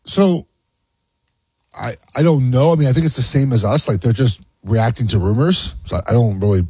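Husky guy on a sports show, stops and restarts a lot, close dry mic. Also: mid-range voice, mellow, no echo. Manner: halting, many restarts and ums. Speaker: sports talk show co-host. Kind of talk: casual sports talk.

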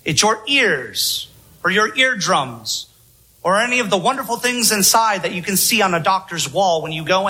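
A male preacher with a high, very bright voice and a husky edge to it. He delivers his sermon slowly and deliberately, leaning on rhetorical questions to draw the listeners in. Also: rough recording.

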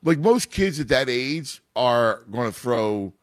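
A man's voice: medium pitch, lively intonation, takes it slowly, no echo, clean studio sound. A man in a casual chat about his son's baseball, rambling with many restarts. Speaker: youth baseball father and coach.

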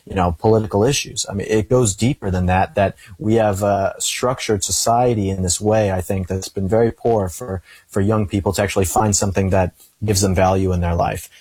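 A man's voice: on the low side, slightly rough, no echo. A young man, a political commentator, talking earnestly as a guest in an interview. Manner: earnest, animated storytelling. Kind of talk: casual interview talk.

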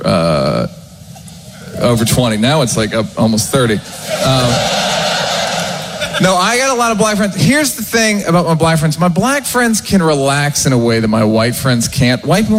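A man performing stand-up comedy with a dry, measured delivery. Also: medium pitch, big pitch swings, slight background noise. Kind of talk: stand-up set.

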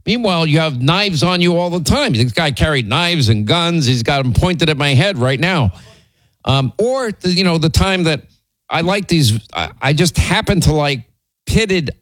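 A man's voice: fairly high pitch, sing-song, normal speed, a bit bright, no echo, rough recording. Rambling, teasing male radio host. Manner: rambling, teasing, exasperated, many restarts. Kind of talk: casual storytelling chat on air.

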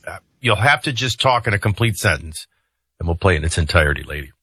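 A man's voice: low voice, expressive, fast, sharp tone, breathy edge, no room sound, studio quality. A man hosting a talk radio show, talking casually about the news in a rambling way with asides and fillers. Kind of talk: casual political commentary.

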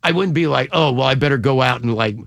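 A man's voice: mid-range voice, fast, gravelly, a bit bright, no echo. A man hosting a radio show, bantering and laughing casually with his co-hosts.

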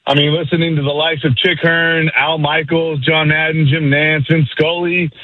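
A man's voice: a little high, level tone, normal speed, no room sound. A man calling in to a sports radio show, hyped and slangy, rattling off opinions. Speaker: caller. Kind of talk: phone-in call. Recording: phone line.

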